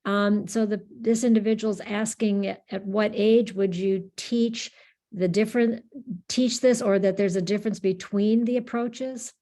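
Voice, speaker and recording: A woman's voice: medium pitch, steady tone, measured pace, mellow. A woman moderating a webinar, relaying audience questions with hesitant, searching phrasing.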